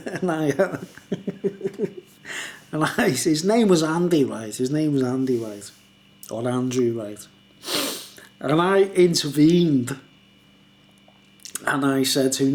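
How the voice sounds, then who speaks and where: Laughing his way through a rambling tale, this very casual vlogger keeps asking "you know what I mean." He talks slowly, leaving long pauses, in a slightly high voice with a darkish tone.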